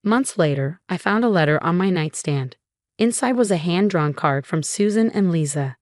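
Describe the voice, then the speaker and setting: A woman with a fairly low voice tells a dramatic first-person story in a steady, scripted narration. The recording is dry and close, with no room sound. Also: moderate pace, dry recording.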